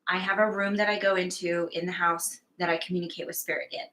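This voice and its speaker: Bright-voiced chatty woman storyteller. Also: on the low side, little pitch movement, fast, poor audio. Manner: candid, chatty, self-mocking. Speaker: psychic medium guest. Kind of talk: casual conversational storytelling.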